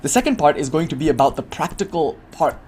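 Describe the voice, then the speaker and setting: A man teaching a weekly class, giving an earnest spoken lecture full of animated explaining and frequent asides. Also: on the high side, fast talker, slight background noise.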